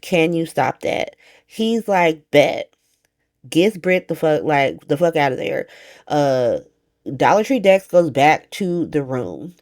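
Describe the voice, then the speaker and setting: A woman with a low voice runs through a soap opera recap in a loose, profane, slangy way. She keeps breaking off into asides and quick reactions as she goes. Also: big pitch swings, a little mellow. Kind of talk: casual recap monologue.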